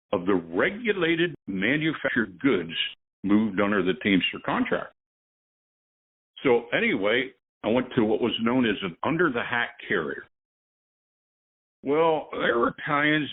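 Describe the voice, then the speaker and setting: A man's voice: mid-range voice, breathy edge. An older man, a veteran truck driver and guest, telling rambling stories with chuckles in a casual conversation. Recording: tinny phone line.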